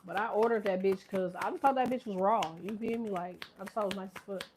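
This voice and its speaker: A woman's voice: mid-range voice, fast, darkish tone, slight background noise. A woman in her thirties giving a casual tarot reading, rambling, profane and laughing often. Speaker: tarot reader. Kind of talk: casual live tarot chat.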